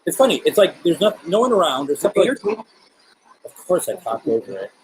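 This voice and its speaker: Guy running a live ghost box session, pleading politely with spirits, kinda high voice. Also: sing-song, brisk, darkish tone, slight background noise, low-quality recording. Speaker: paranormal livestream host.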